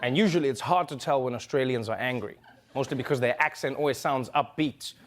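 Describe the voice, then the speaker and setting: A man's voice: medium pitch, fairly quick. A man hosting a comedy news segment, joking animatedly in a studio with a laughing audience. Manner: jokey, animated, slips into comic impressions. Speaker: late-night comedy host. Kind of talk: scripted comedic commentary.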